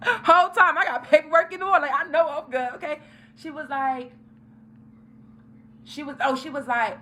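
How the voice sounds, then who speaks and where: A young woman telling a story to her viewers, animated and profane, talking straight to the camera in a casual storytime. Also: high voice, normal speed, pauses often, slight background noise.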